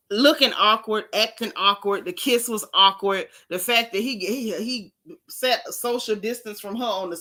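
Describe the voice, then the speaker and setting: A woman hosts a gossip vlog in a sassy, animated style and hammers her points home with repetition. Her voice is bright and a little high. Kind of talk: casual chat.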